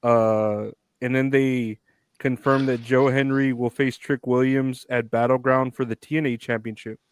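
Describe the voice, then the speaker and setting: A man's voice: mid-range voice, flat delivery, a little slow, smooth, no echo. Male co-host, loose rambling delivery, laughs a lot, dry close mic. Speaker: podcast co-host. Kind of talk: casual chat.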